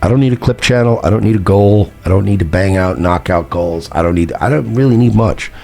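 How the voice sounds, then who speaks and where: A man's voice: fairly low pitch, a little fast, gravelly, a little mellow, faint music behind. A man streamer delivering heated, profane, repetitive commentary, ranting and reacting to clips. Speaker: streamer host.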